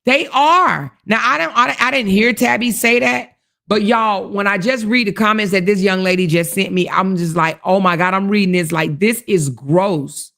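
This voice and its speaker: Medium-pitched with vocal fry and a fairly bright tone, this woman speaks at a moderate pace. She hosts a casual stream, reads her viewers' comments aloud, addresses them directly, and repeats her points with indignant emphasis.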